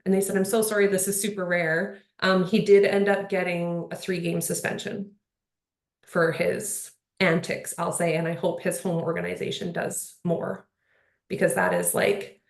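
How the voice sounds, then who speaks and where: A woman's voice: fairly low pitch, little pitch movement, moderate pace, creaky. Earnest rambling woman in a roomy hall. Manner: earnest, rambling, many fillers like "like" and "you know". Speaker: panel speaker. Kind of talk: casual panel conversation. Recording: roomy echo.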